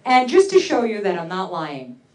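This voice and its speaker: A woman doing a stand-up comedy set, telling stories in a brash, profane way with animated impressions. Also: mid-range voice, normal speed, roomy sound, distant mic. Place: comedy club stage. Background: audience laughter.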